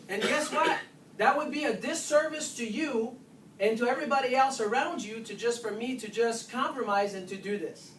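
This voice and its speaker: A chiropractor giving an informal nutrition workshop to patients, lively and full of "guess what?" asides. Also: mid-range voice, normal speed. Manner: animated, keeps asking "guess what?". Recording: roomy, distant, faint hiss.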